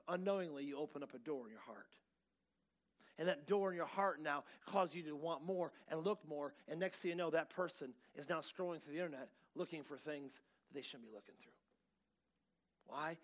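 A man preaching a sermon as pastor, telling stories in a loose, halting way and rising to emphatic, drawn-out proclamations. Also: fairly high pitch.

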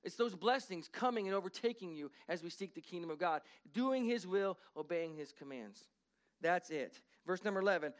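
High-voiced pastor preaching a sermon. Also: male voice, animated, moderate pace. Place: church.

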